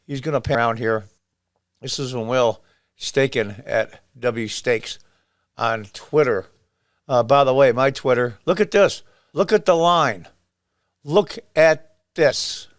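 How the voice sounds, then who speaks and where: A man in his sixties from upstate New York, talking in a forceful, repetitive commentary style and reacting loudly to what he shows. His voice sits in a middle pitch. The sound is dry and close, with no room around it. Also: dry recording. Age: 60s. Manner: emphatic, repetitive, exclaims over footage. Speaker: political commentator. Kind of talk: casual political commentary.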